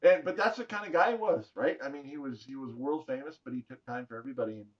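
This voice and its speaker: A man's voice: mid-range voice, quick pace. Middle aged guy on a podcast telling funny stories, does little voices, bit lo-fi sound. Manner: jokey, acts out quoted voices, laughs often. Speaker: podcast guest. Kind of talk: animated storytelling. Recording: slightly dull lo-fi audio.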